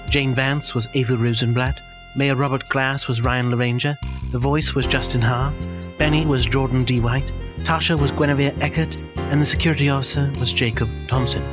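A man's voice: mid-range voice, fairly even intonation, normal speed, music in the background. Pompous, long-winded male radio host. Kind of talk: comedy radio show.

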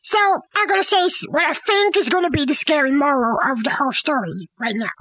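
A woman with a very high, bright voice tells a classic play as a silly comedy bit, full of slang and playful put-on lines. The sound is dry and close, with almost no room around her. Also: brisk, no room sound. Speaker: storyteller. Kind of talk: comic retelling of a play.

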